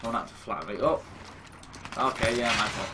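Self-mocking young gamer, swearing. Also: male voice, on the low side, normal speed. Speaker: gaming YouTuber. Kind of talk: casual gameplay commentary. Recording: game noise behind the voice.

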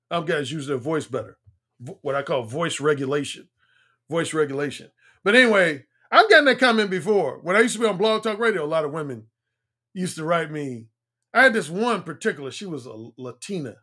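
A man's voice: a little high, sharp tone. A man who works as a dating coach, talking through a livestream in a conversational, explanatory way, repeating points for emphasis. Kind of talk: livestream monologue.

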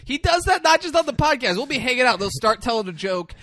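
Animated high-voiced man recapping a movie. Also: fast talker, dry recording, clean studio sound. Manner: animated retelling with acted-out quotes and laughter. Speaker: podcast co-host. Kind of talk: casual movie recap chat.

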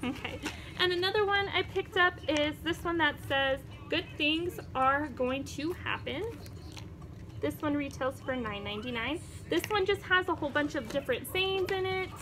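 Young mom vlogger, high voice, a bit breathless, chatty, noisy home recording. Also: female voice. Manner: chatty, keeps breaking off to talk to her toddler. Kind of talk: casual show-and-tell chat. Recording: home video with background noise.

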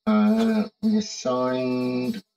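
A man's voice: extremely high pitch, flat delivery, drawn-out words, vocal fry, warm tone, poor audio. A man casually commenting on a management game, thinking aloud with hums and fillers and reading the game's text aloud. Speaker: game streamer.

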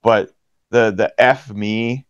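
A man in a relaxed podcast chat, talking about refereeing. He shifts his pitch up and down as he acts out what players and parents say. The sound is dry and a little dull, with no room echo. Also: slow. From Pittsburgh area, USA. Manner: animated storyteller, acts out quotes with jumps in pitch. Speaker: hockey referee, guest. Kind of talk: casual interview chat.

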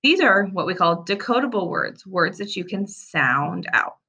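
A woman teacher giving a recorded reading lesson for young children, sounding out words slowly and clearly. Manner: slow, clear, sounding out words with animated pitch.

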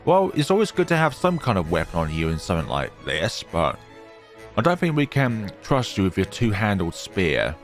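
Lively low-voiced man reading a game aloud. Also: moderate pace, soft background music. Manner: lively, jumping between reading and joking asides. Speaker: let's play host reading a visual novel. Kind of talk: dramatic story reading with asides.

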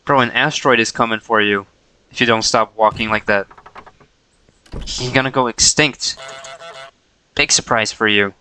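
A man's voice: mid-range voice, normal speed, pauses often, pushed and bright, low-quality recording. A man casually chatting to himself while streaming a game, playful and chuckling.

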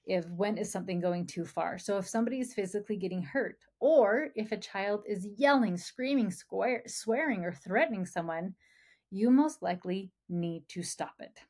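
A woman's voice: medium pitch, moderate pace, a little mellow. A woman parenting coach talks through her advice on a podcast. She is encouraging and personal, and she speaks to the listener as a friend.

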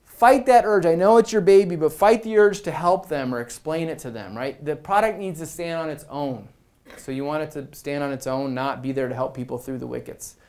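Energetic man giving a meetup talk. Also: on the high side, brisk. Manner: energetic, conversational, acts out quoted lines. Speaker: product management speaker. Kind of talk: meetup presentation to a live audience.

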